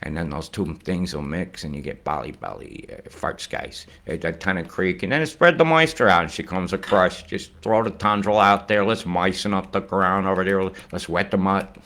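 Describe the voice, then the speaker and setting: Male online forecaster, deep voice, rambling and excitable, swears freely. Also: normal speed, hardly any pauses. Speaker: weather forecaster. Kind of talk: casual forecast vlog.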